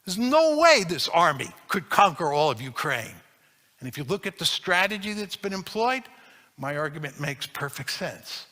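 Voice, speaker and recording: A man's voice: on the high side, sing-song, moderate pace, bright, forceful tone, in a large hall. A man giving a public lecture, arguing his points emphatically and repeating key phrases for stress.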